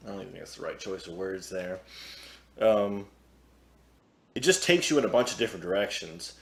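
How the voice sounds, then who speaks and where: Low-voiced man musing in an echoey room. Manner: hesitant, filler-heavy musing. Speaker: podcast co-host. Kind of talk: casual chat.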